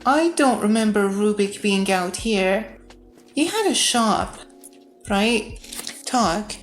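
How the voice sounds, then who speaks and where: Slow-talking woman gamer, thinking aloud. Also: medium pitch, lively intonation, soft background music. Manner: thinks aloud, reads game text, self-corrects. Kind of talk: let's-play commentary.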